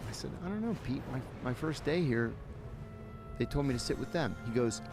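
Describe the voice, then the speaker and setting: A man talks a little fast in a mid-range voice, guesting on a podcast and telling a story. He keeps it casual and animated, performing the dialogue, while music plays behind.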